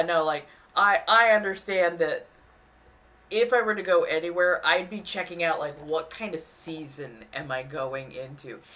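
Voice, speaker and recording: A young woman from the US West Coast chatting casually on a livestream, quick and self-mocking, often slipping into exaggerated voices when she acts out other people. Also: deep voice, a bit bright. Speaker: streamer.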